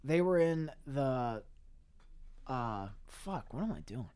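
A man's voice: medium pitch, big pitch swings, slow, mellow, clean tone. A young man co-hosting a podcast, improvising an absurd, profane comic story with rambling restarts and laughing asides. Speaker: podcast co-host.

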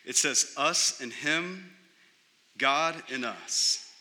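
A man pastor preaching a sermon, building his points through emphatic repetition and pauses. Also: medium pitch, animated, pushed and bright. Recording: long hall reverb.

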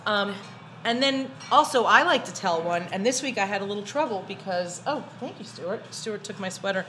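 A woman's voice: mid-range voice, expressive, moderate pace, sharp tone, slight background noise. A woman hosting a podcast in a bar, chatting casually over drinks and telling stories with lots of laughter. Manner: laughs often, tells stories animatedly. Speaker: podcast host.

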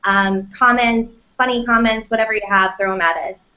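A woman co-hosting a casual live talk show, speaking in a measured way and inviting the audience to send questions. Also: on the high side, steady tone. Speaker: co-host. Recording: muffled lo-fi audio.

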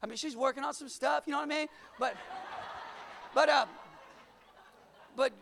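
High, gravelly, shouting preacher man. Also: moderate pace, slight background noise. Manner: energetic, shouting at peaks, call-and-response. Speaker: pastor. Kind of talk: sermon.

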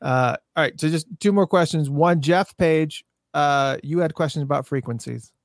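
A man's voice: fairly high pitch, normal speed, dry recording, clean studio sound. A man hosting an interview, asking rambling, casual questions with some hesitation. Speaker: interview host.

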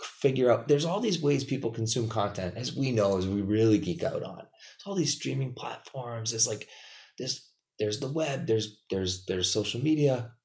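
A man's voice: mid-range voice, expressive, normal speed, a little mellow. A man hosting a podcast in casual chat, agreeable and upbeat, often saying "yeah".

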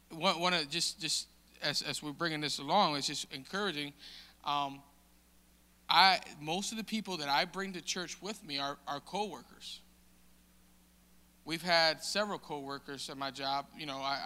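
A man giving a casual, halting testimony in a sermon, with many restarts and fillers. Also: fairly high pitch, pushed and bright. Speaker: church member sharing testimony. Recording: long hall reverb.

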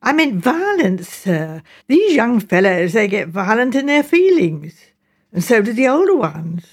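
A fretful village housekeeper, humble and earnest, leaning anxiously on every "sir", as a woman reads her aloud. Her voice rises and falls in lively, worried swings. It is a storybook voice. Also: fairly high pitch, unhurried, breathy edge, exaggerated voice. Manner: earnest, respectful, keeps saying sir.

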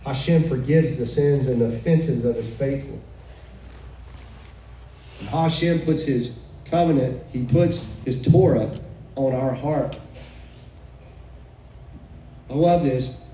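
A woman preaches a sermon with fervor, breaking into exclamations and soft chuckles. Her voice is mellow and dark. She is heard from some distance in a reverberant room, with a faint hiss underneath. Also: extremely low pitch, slow pace, long pauses. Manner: fervent, exclaiming, chuckling asides. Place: room with a live audience. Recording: echoey room, mic far off, faint noise.

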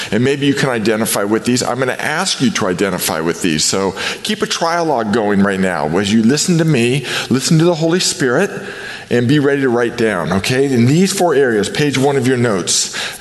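A middle-aged man preaching a conversational sermon as a pastor, acting out quoted dialogue with lively shifts. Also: medium pitch. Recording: long hall reverb.

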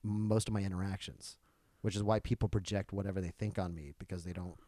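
A man, a comedian in casual podcast chat, who rambles through stories and works himself up into loud ranting. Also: deep voice, fairly even intonation, fast, dry recording.

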